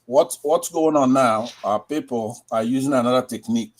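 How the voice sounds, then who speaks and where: A man's voice: mid-range voice, moderate pace. A man speaks emphatically on a call-in line. He drives his points home and caps them with rhetorical tag questions. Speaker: caller. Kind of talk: call-in commentary.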